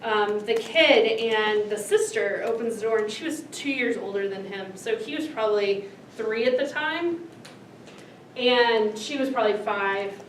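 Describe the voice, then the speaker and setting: A woman talking to a class as a speaker on autism and families, telling stories in an animated way and acting out other people's voices. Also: fairly high pitch, measured pace, reverberant, distant mic, slight background noise, low-quality recording. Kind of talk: storytelling lecture. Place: lecture room.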